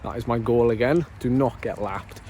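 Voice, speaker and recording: A vlogger who races cyclocross as an amateur chats casually to camera outdoors at a muddy race course, joking and running himself down. His mellow, medium-pitched voice moves at a normal speed over slight background noise.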